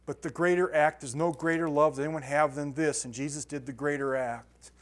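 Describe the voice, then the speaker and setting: A man's voice: a little high, fairly even intonation, brisk. A man preaching to a congregation, talking casually with restarts and then reading scripture with rising emphasis. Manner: conversational, repeats words and restarts, builds to emphatic scripture reading. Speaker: pastor. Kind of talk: sermon.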